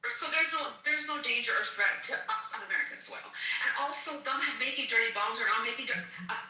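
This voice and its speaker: Woman debater, insistent and clipped, bright tone, roomy far-off call sound. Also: fairly high pitch, fast talker. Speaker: debate panelist. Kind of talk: heated online debate. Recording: echoey, distant online call audio.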